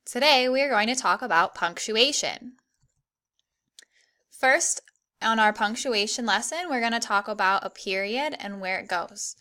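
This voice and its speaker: A young woman teaching an online grammar lesson to children, clear and encouraging, reading the examples slowly. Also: a little high, lively intonation, bright, forceful tone.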